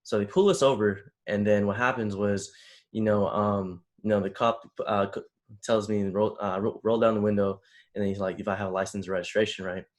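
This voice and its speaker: A young man from the Bay Area telling a story in casual conversation, animated, acting out the voices of the people he quotes. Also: fairly low pitch, a little fast. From San Francisco Bay Area. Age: young adult. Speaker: panel guest.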